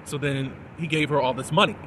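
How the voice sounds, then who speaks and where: A man casually recapping a TV episode in a chatty, chuckling way, softening the swear words as he goes. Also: fairly high pitch, fairly even intonation, a little fast, slight background noise, rough recording. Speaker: TV episode reviewer.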